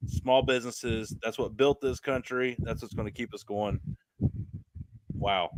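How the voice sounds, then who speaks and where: A man's voice: medium pitch, fairly even intonation, unhurried, rough recording. A man hosting a podcast in a casual, rambling, self-mocking chat. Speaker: podcast host.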